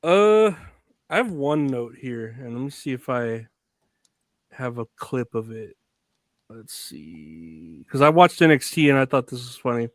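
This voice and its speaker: A man's voice: medium pitch, big pitch swings, a little slow, no room sound. A man co-hosting a wrestling podcast in casual chat, rambling and laughing often. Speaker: podcast co-host.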